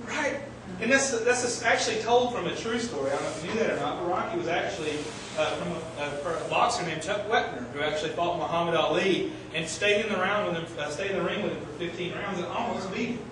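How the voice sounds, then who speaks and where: High-voiced preacher in an echoey hall. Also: male voice, fast, background noise. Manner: animated storytelling, shouting quoted lines. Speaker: pastor. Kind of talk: sermon. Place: church sanctuary. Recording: echoey church hall, mic at a distance.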